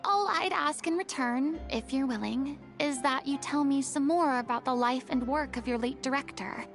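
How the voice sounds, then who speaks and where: A woman's voice: high-pitched, moderate pace, soft background music. A woman voicing a dramatic young former stage diva in a video game, speaking in a flowery, theatrical way. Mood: reflective.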